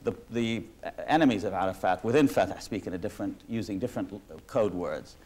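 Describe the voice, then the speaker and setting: A man's voice: on the low side, fast talker, a little mellow. A man speaking as the interviewee in a reflective conversation, talking in long discursive sentences with frequent restarts and asides. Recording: 1986 archival talk recording.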